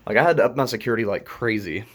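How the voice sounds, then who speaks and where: A man talking to camera in a frustrated, agitated rant, breaking into nervous laughs, his voice jumping higher when worked up. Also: very fast. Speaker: YouTuber.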